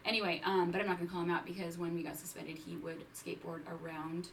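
A woman's voice: fairly low pitch, little pitch movement, fast, creaky. A woman chatting casually with joking asides and frequent laughter. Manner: joking interjections, laughs often. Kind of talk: casual chat. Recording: distant mic with faint background noise.

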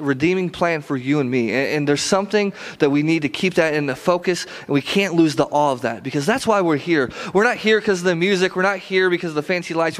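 A man in his thirties with a high voice, preaching as a pastor in a church. He talks to the congregation in an earnest, conversational way. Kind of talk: sermon. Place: church sanctuary.

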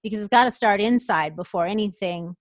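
A woman's voice: medium pitch, brisk, dry recording, studio quality. A woman hosting a podcast, asking thoughtful, searching questions. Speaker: podcast host. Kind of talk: podcast interview.

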